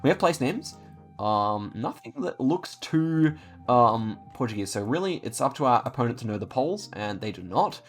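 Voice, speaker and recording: Erkek oyuncu, dolgu sözlerle sesli düşünerek oyun yorumluyor, arkada hafif müzik. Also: male voice, medium pitch, sing-song, normal speed, soft background music. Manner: thinks aloud, stumbles over words, frequent fillers. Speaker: gamer commenting on his own play. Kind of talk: casual gameplay commentary.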